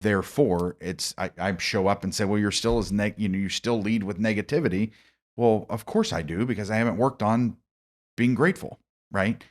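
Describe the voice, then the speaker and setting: A man's voice: on the low side, normal speed. A man hosting a podcast conversation, thinking aloud and building on his guest's points with personal examples. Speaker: podcast host.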